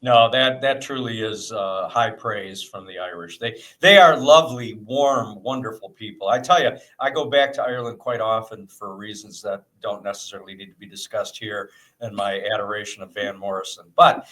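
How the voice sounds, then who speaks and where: A man interviewing a guest in a relaxed, joking way, with lots of restarts. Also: lowish voice, moderate pace. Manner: joking, chatty, many restarts. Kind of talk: casual interview. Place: indoors.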